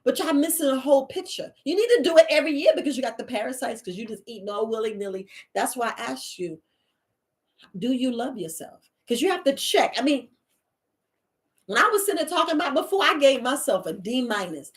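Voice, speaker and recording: A woman herbalist host, talking in a casual, animated monologue and acting out the voices she quotes. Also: high voice, fairly quick. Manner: animated storyteller, acts out quoted voices, laughs often.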